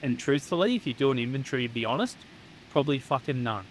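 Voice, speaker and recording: A man's voice: mid-range voice, animated, fast, a little hiss or hum, rough recording. An Australian man who works as a psychotherapist, speaking as a guest in a candid, casual chat, blunt and swearing freely. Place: home near the beach.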